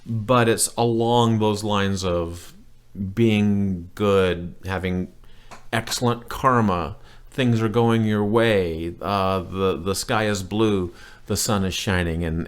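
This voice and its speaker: A man's voice: low voice, slow. A man teaching a beginner language lesson in a casual, rambling way, with plenty of fillers and restarts.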